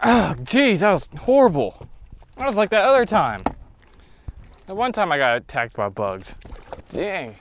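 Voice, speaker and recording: Excitable man, high and lively voice. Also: unhurried, pauses often, noisy background. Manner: excitable, exclaims and shouts often. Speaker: fishing vlogger. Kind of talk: self-filmed fishing vlog. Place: outdoors on a lake.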